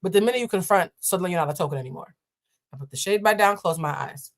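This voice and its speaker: A woman hosting a live show, telling a story in an animated way and deliberately slowing down. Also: lowish voice. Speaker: host.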